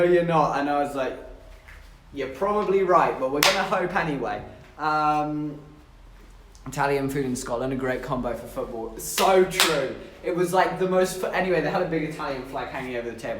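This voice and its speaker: A man's voice: a little high, a bit bright, recorded from a distance, a little hiss or hum. A young man from southern England chatting casually to his livestream chat, telling stories with giggles along the way. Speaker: streamer. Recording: echoey room, voice a bit off-mic.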